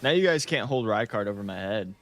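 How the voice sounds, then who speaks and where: A man's voice: fairly low pitch, lively intonation, brisk, fairly bright tone. A young man from the United States, chatting casually while streaming a game, laid-back and swearing freely. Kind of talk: casual livestream chat while gaming.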